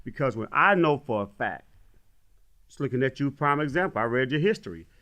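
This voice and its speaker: A man's voice: medium pitch, animated, brisk, pushed and bright. A man talking as a podcast guest about his mentoring work, earnest and street-casual, tagging his sentences with "man". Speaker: guest, youth mentoring program founder. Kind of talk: casual conversational interview.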